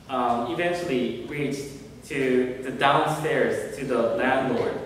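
A male reverend telling a story in a sermon, gentle and unhurried with many pauses. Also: mid-range voice, a little hiss or hum. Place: temple hall. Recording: echoey hall from far off.

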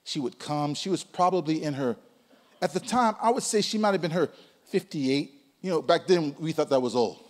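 Lively preaching man in a reverberant church. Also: a little high, normal speed. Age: 60s. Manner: lively preaching, swinging from loud calls to hushed asides. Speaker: pastor. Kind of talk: sermon. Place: church sanctuary.

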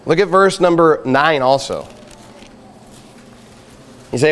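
A man's voice: a little high, takes it slowly. A male pastor preaching a fiery sermon at a church camping trip, emphatic and exhorting. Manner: emphatic, rising to loud exhortation. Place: outdoor campsite gathering.

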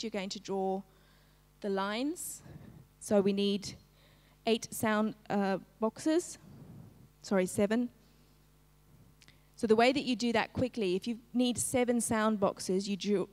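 A woman teaching a live-streamed phonics lesson, slowly segmenting each sound in a word and prompting the class to join in. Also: medium pitch, darkish tone, long reverb tail. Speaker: literacy teacher.

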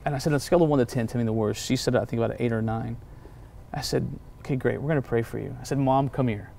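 A man in pastoral ministry tells faith stories in easy conversation. He talks with a moderate, ordinary pitch and slips into the voices of the people he quotes. His delivery is animated and personal. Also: very fast, creaky, a little hiss or hum. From United States. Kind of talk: storytelling testimony in a conversation.

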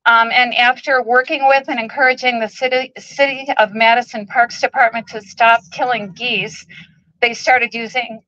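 A woman, the president of an animal rights group, gives an emotional, halting speech at an outdoor protest, with many ums. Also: on the high side, little pitch movement, sharp tone, no room sound, dull audio.

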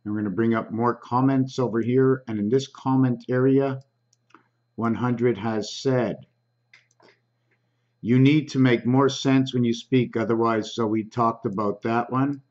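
A man hosting his own channel, slowly reading comments aloud in a halting, casual way with frequent ums. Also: mid-range voice, fairly even intonation, darkish tone, highs cut off.

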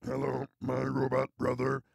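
A man voicing a menacing male robot villain with a raspy, gravelly voice. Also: medium pitch, monotone, moderate pace, noisy background.

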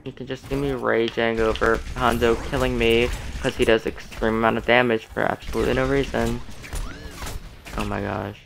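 Young male gamer, casual rambling commentary, some vocal fry, faint music under. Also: mid-range voice. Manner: excitable, self-deprecating, rambling. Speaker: gaming streamer.

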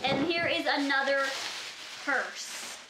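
A young woman from Canada, a YouTuber talking through an unboxing vlog in a gushing, excitable way. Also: high-pitched, slow, background noise. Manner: gushing, excitable, frequent gasps. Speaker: YouTuber opening a gift. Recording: echoey room.

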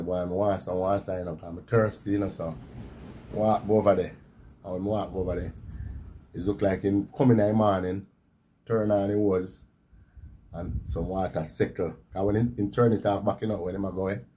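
A man's voice: on the low side, dark tone. A man in his fifties from Jamaica with a Jamaican Patois accent, animatedly telling his own survival story and repeating words for effect. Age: 50s. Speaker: interviewee.

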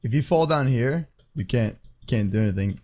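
Laughing young man, lively voice. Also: medium pitch, moderate pace. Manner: laughing, urgent repeated interjections. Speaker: gaming co-host. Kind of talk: casual gameplay banter. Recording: faint background noise.

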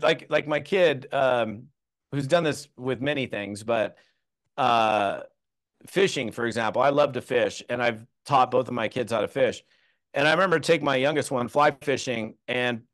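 A man in his thirties leads a live training session, talking loosely and conversationally. He pads his sentences with fillers, restarts his thoughts, and tells self-deprecating stories. His voice sits at a middling pitch. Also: fairly bright tone. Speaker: network marketing trainer. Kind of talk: live training talk to a group.

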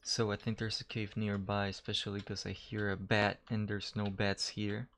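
A man's voice: fairly low pitch, completely flat delivery, moderate pace, a bit bright. A man giving casual, chatty let's-play commentary while he games, joking at himself and swearing when startled. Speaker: gamer. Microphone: desk mic, gamer wearing headphones.

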